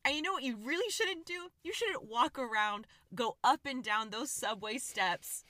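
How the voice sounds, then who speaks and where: A young woman in her twenties co-hosting a casual chat, emphatic and quick to chime in. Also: fairly high pitch, expressive, bright, forceful tone, no echo, clean studio sound. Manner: emphatic, chimes in and repeats for effect. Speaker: podcast co-host.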